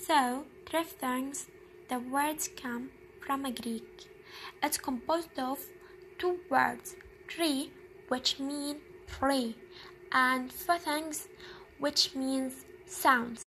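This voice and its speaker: A young woman student giving a slow, deliberate classroom presentation on pronunciation, repeating each example word. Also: sits high, a bit bright, a little hiss or hum, low-quality recording. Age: young adult.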